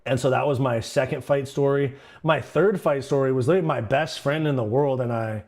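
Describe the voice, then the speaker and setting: A man's voice: mid-range voice, fairly quick, darkish tone. A young man hosting a livestream, telling stories casually in a rambling, slangy, profane way. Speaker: livestream host. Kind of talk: casual storytelling.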